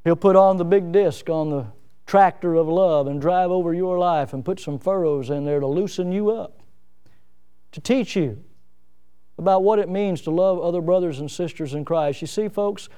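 A middle-aged man preaching a sermon in a folksy, plain-spoken way, with self-mocking humor and lively emphasis. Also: on the high side, normal speed, clear, resonant tone.

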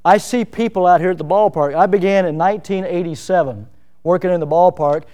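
A man's voice: sits high, brisk, dark tone. A middle-aged man preaching a sermon as pastor, with rising emphatic outbursts and self-deprecating humor.

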